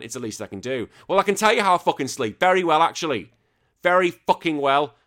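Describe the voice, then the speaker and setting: An English man with a northern accent from near Liverpool hosts a casual podcast, reading out listener questions. He swears freely and jokes through animated rants, at a middling pitch. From England. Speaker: podcast host.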